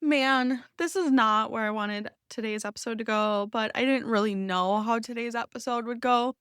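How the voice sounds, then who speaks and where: Heartfelt woman podcaster, higher voice. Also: moderate pace, a bit bright, smooth, no echo, studio quality. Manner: open, heartfelt, rambling. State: emotional, near tears. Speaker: podcast host. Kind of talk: unscripted personal podcast talk.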